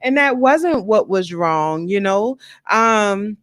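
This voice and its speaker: A woman's voice: mid-range voice, lively intonation, slow pace, no room sound, studio quality. A woman hosting a live stream, chatting casually and candidly to her viewers, telling a personal story with lots of fillers and repeated words.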